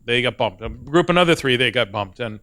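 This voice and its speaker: A man's voice: mid-range voice, lively intonation, brisk, pushed and bright. A middle-aged man doing stand-up in front of an audience, telling a story in a self-mocking way and acting out the dialogue. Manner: self-deprecating, acts out dialogue, laughs at own jokes. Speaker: stand-up comedian. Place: stage before a live audience.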